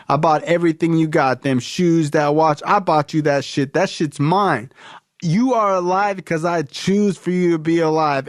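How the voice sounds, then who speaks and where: A man's voice: on the high side, no room sound, clean studio sound, pitched above the performer's own voice, lightly acted. A man voicing his furious, domineering middle-aged father, ranting and cursing.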